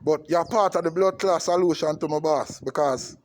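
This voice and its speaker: A man's voice: a little high, normal speed, soft background music. A Jamaican man giving an impassioned political rant to camera, emphatic and repetitive, often checking in with his listener. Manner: emphatic and repetitive, with frequent tag questions. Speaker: vlogger.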